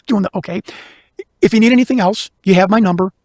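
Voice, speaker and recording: High-voiced guy rattling off a story super fast, dry close sound. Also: no room sound. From Chicago. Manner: fast, animated, talks over himself with restarts. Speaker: guest investigator. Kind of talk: casual storytelling interview.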